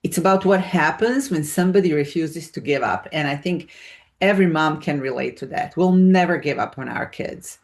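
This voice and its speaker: A woman's voice: low voice, moderate pace. Reflective woman host. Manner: warm, reflective, emotional. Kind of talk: podcast host commentary.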